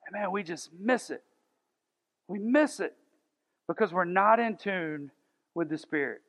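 A man's voice: sits high, animated, a little slow, a bit bright. A man in his thirties preaching a conversational sermon to a church congregation, asking the room rhetorical questions. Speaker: pastor. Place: church sanctuary. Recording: dull sound with long hall reverb.

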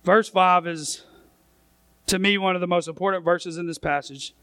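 High, smooth-voiced preaching man. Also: steady tone, moderate pace, fairly bright tone, no room sound. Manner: emphatic preaching, reads scripture aloud, voices the questioning crowd. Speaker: pastor. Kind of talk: sermon.

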